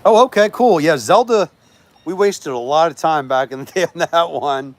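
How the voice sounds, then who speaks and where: A man's voice: fairly high pitch, moderate pace, dry recording. Chatty middle-aged man on a livestream. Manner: chatty, reads out and answers viewer comments. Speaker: livestream host. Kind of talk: casual livestream chat.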